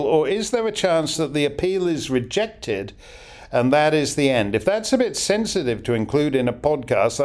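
Middle-aged male podcast host, lively up-and-down delivery, fairly high voice, wry and rambling. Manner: wry, digressive, chuckling asides. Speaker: podcast host answering listener questions. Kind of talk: casual Q&A chat.

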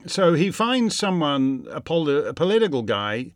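A man hosting a show, answering listener questions in a sardonic monologue that climbs into loud, mocking indignation. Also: a little high, big pitch swings, normal speed, no room sound, clean studio sound. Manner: sings wordless tunes to mock.

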